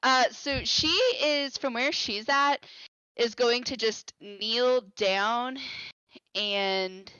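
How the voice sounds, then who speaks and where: A woman's voice: a little high, steady tone, drawn-out words, bright, forceful tone, smooth, no echo, highs cut off. A woman playing a tabletop game over a voice call, blunt and joking, swearing freely. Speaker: player. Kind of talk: casual game talk on a voice call. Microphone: home microphone on a voice call.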